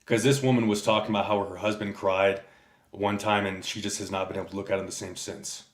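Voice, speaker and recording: A low-voiced man rambles through a casual livestream rant, swearing constantly as he tells stories and answers his chat. His voice rings in a noticeably echoey room. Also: flat delivery, fairly quick. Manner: profane, rambling storyteller.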